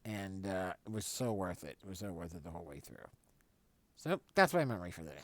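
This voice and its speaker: In a dry recording, a man with a low-pitched voice speaks briskly as he hosts a live stream. His story is casual and meandering, full of self-corrections, and he livens up whenever he quotes other people.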